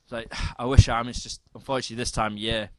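A man in his thirties co-hosting a podcast, telling a story in animated, casual chat and laughing often. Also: medium pitch, rapid-fire, dry recording. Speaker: podcast co-host.

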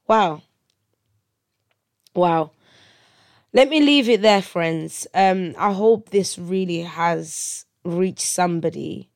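A woman's voice: fairly low pitch, darkish tone, no echo, clean studio sound. A woman, hosting a podcast and telling a personal testimony in an earnest, conversational way that turns preachy, checking in with listeners. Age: 30s. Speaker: podcast host.

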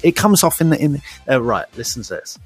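Lively chatty man hosting. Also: a little high, fast talker, soft background music. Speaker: podcast host. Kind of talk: casual banter, running a game segment.

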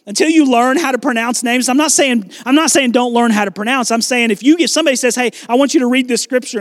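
Male pastor, high tenor, dry close sound; lively sermon delivery that acts out scripture dialogue. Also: no echo. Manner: animated preaching, acts out biblical dialogue with shifting volume.

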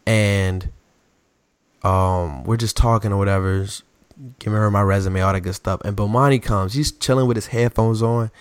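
Animated young man telling stories. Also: fairly low pitch, normal speed, clean tone, dry recording. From the DMV area. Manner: animated, acts out quotes in raised voices. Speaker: podcast co-host. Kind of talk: casual storytelling chat.

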